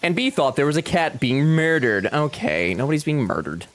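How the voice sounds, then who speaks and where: A man's voice: fairly high pitch, expressive, normal speed. A man streaming a game from home, chatting casually with his viewers and joking with lots of swearing. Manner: joking and profane, talks back to chat. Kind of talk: casual live-stream chat.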